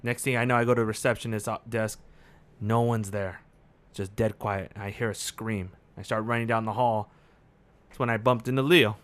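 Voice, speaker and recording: A man's voice: fairly low pitch, fairly even intonation, normal speed, fairly bright tone. A man playing a tabletop game, talking in short, clipped sentences and swearing casually. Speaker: player. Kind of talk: casual tabletop play in character.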